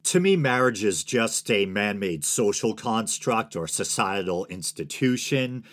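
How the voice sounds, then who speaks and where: This is a man in his forties from the United States, hosting his own podcast alone. His voice sits on the low side. He talks in a loose, digressive way, with wry asides that he chuckles at. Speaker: podcast host. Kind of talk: solo podcast commentary.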